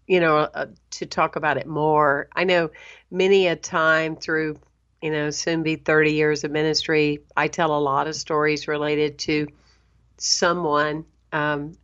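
Earnest low-voiced middle-aged woman host. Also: muffled recording. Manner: animated, earnest, talks in bursts. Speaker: host, minister. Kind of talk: interview host chat.

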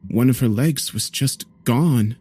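A man narrating a horror story in a measured, somber way. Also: mid-range voice, mellow, slightly rough, faint music behind.

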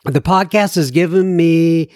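A man's voice: a little high, a little slow, a little mellow, no room sound, clean studio sound. A man hosting a podcast, reading listener letters aloud and adding rambling, jokey asides. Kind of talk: casual podcast chat.

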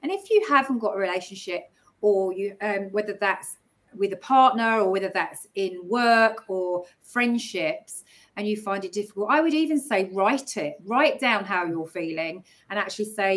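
Animated laughing woman storyteller. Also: mid-range voice. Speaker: guest speaker. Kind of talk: casual storytelling.

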